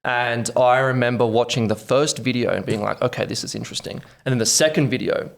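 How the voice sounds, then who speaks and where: Quick, gravelly young Australian man. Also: mid-range voice. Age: 20s. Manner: animated storytelling, acting out quotes. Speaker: podcast guest. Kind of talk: casual interview.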